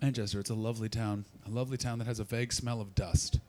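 This comic works the room during his stand-up, fast-talking and steady in tone despite a voice worn hoarse. Loud and profane, he now and then leaps without warning into a screechy upper register.

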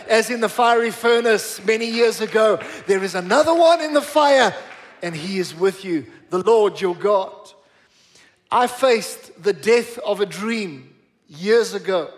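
A middle-aged man preaching a sermon in church, emphatic, repeating words for stress and slowing down on key phrases. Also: high-pitched. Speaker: pastor.

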